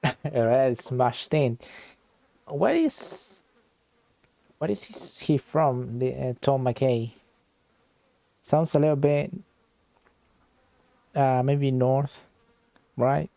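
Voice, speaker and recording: A man streaming a game, chatting with viewers in a slow, relaxed, rambling way. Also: medium pitch, creaky, dry recording. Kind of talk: casual gameplay commentary.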